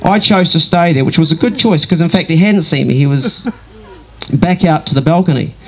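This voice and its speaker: A man's voice: a little high, rough recording. Wry man telling a tale on stage. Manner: conversational, dramatic pauses, wry asides. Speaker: comedic storyteller. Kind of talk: live stand-up storytelling.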